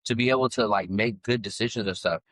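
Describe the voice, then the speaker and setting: A man's voice: lowish voice, fast talker, a bit bright, dry recording. A middle-aged man co-hosting a podcast, telling stories in rambling casual chat full of fillers. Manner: rambling storyteller, many fillers. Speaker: podcast co-host.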